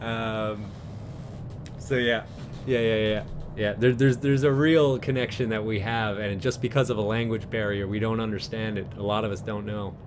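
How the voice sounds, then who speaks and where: A man from Newfoundland, Canada, hosts a live stream, chatting casually and ramblingly with viewers and chuckling often between thoughts. His lowish voice is steady in tone at normal speed, with background noise.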